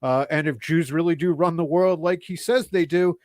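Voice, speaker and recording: A middle-aged man from the Philadelphia area co-hosting a comedy podcast, reading news jokes in a deadpan way. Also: a little high, normal speed, no echo, clean studio sound. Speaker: podcast co-host. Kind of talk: casual comedy podcast chat.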